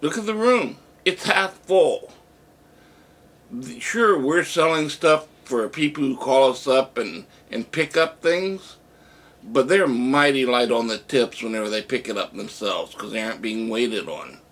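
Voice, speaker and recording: A man telling a story in a casual monologue, acting out the lines he quotes. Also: medium pitch. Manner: animated retelling, acts out shouted quotes. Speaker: vlogger.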